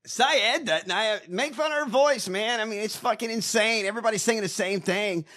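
A man's voice: sits high, normal speed. A man hosting a podcast, ranting and mocking in profane political chat. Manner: loud, mocking, rants in bursts. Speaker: podcast host.

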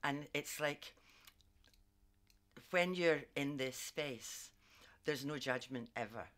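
An Australian woman, a psychic and former community worker, telling stories in a lively, laughing way as a guest. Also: sits low. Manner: animated, laughs often, quick asides. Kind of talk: storytelling in casual conversation.

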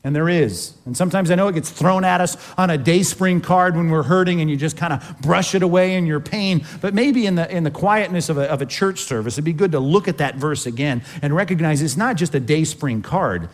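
A man's voice: on the high side, a little fast, few pauses. A man preaching a sermon in a conversational way, often putting questions to the congregation. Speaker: pastor.

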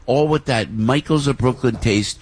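A man hosting a morning radio talk show, rambling and excitable as he reads a live ad and introduces a guest. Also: medium pitch, moderate pace, slight background noise. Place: radio studio.

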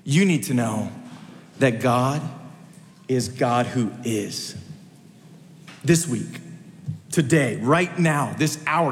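A male preacher delivering a sermon in a church with a long, ringing reverb. His voice sits a little high for a man and drives points home by repeating phrases. He swings between urgent high peaks and low, quiet drops.

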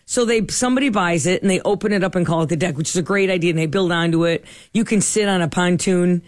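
Lively middle-aged woman telling stories. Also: fairly low pitch, fast talker, no room sound, clean studio sound. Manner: animated, acts out quoted dialogue. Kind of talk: casual storytelling chat.

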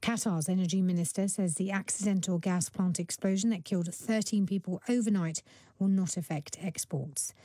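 A woman reading a radio news bulletin in a measured, formal studio delivery. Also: on the low side, dark tone, no echo. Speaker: newsreader. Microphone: studio microphone.

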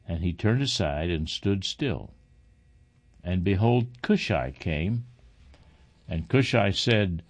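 A man reading an old scripture passage aloud in a measured, solemn way. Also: low voice, animated. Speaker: scripture reader.

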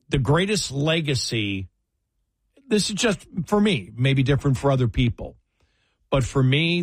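A man's voice: medium pitch, dry recording. An older male talk radio host in his sixties, speaking casually on air and stumbling through restarts and fillers as he reminisces. The studio sound is dry and close. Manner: halting, many fillers and restarts, laughs through stories. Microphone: studio microphone.

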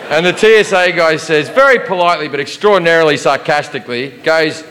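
A man with an Australian accent telling a profane, animated stand-up story and acting out the people in it. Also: fairly high pitch, fast, few pauses, in a large hall, a crowd in the background. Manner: profane, animated, acts out quoted characters. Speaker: stand-up comedian. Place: comedy stage.

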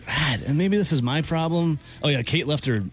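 A man with a slightly raised voice hosts a sports radio show from a studio. He reads the sports news crisply, then slides into loose, rambling morning banter with a music bed faintly behind him. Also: fairly high pitch, normal speed. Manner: casual, chatty, rambling with restarts.

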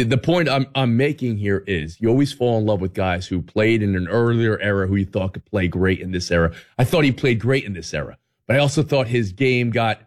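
A man hosting a sports radio talk show, bantering playfully with his crew. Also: mid-range voice. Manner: animated, playful, sing-song tongue twisters.

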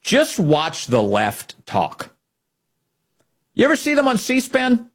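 A man's voice: extremely high pitch, huge pitch swings, takes it slowly. A man hosting a political commentary show, speaking emphatically and indignantly and repeating key phrases.

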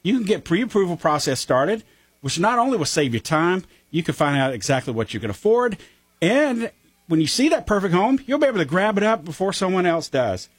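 A man's voice: sits high, big pitch swings, a little fast, breathy edge, dry recording. A man co-hosting a radio show, reading an upbeat ad. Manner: laughs often, upbeat ad delivery. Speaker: radio co-host. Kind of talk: casual radio chat and ad reading.

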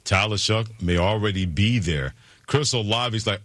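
A man hosts a sports talk radio show, his voice low and the studio sound dry and close. He talks briskly and with emphasis, keeping things playful. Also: fairly bright tone, no echo.

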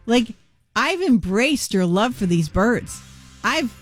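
A woman co-hosting a radio show, telling a story with lively acted-out dialogue. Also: on the high side, takes it slowly, faint music behind. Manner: animated storyteller acting out both sides of a conversation. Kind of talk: casual radio chat.

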